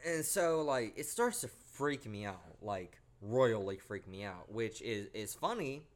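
On his podcast, the young host relates a creepy personal tale casually and with lots of swearing, bringing it to life animatedly. He speaks in a lowish voice at a measured pace.

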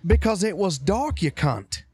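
A man voicing a gruff, crude soldier, blunt and quick to swear. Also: high voice, very animated, a little mellow, dry recording, exaggerated voice. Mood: urgent. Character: gruff crude British soldier, male adult.

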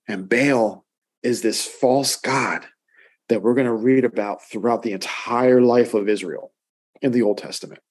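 A male pastor teaching through a Bible chapter in a conversational way, often checking in with listeners and building emphasis through repetition. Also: medium pitch. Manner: conversational, checks in with "right?" and stacks emphatic repeats.

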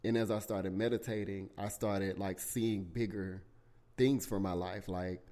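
A young man hosting a podcast, telling his own story casually and candidly, with lots of swearing and animated outbursts. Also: on the low side, normal speed. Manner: candid, profane, animated retelling with bursts of shouting. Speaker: podcast host.

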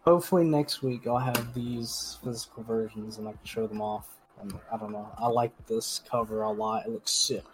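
A young man co-hosting a casual podcast, talking in a relaxed, rambling way with lots of fillers. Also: fairly low pitch, normal speed, hardly any pauses, soft background music, poor audio. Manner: laid-back, rambling with fillers. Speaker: podcast co-host. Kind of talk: casual chat.

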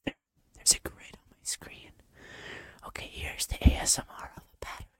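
A man's voice: brisk, a bit bright, no room sound. A young man doing a joking whispered role-play right up against the microphone, teasing and swearing now and then. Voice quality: unvoiced whisper close to the mic.

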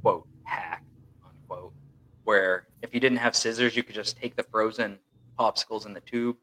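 A man's voice: lowish voice, steady tone, moderate pace, sharp tone. A young man co-hosting a podcast in a rambling, chatty way, full of fillers. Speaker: podcast co-host. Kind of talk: casual chat.

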